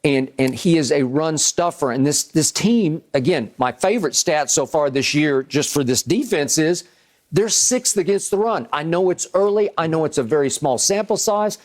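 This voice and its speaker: A man's voice: on the high side, animated, normal speed. An older man hosting a sports debate show, making emphatic points and repeating phrases for stress.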